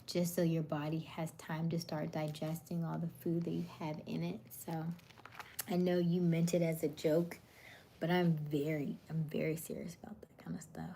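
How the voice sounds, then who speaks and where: A woman in her thirties hosting a casual livestream, reading viewer comments in a soothing voice and often dropping to a soft murmur. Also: low voice, little pitch movement, normal speed. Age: 30s. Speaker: livestream host.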